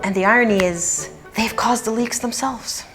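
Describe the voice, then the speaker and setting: A woman's voice: fairly high pitch, moderate pace, fairly bright tone, soft background music. A woman hosting a commentary vlog, talking in a sarcastic, mocking way. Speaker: commentary channel host.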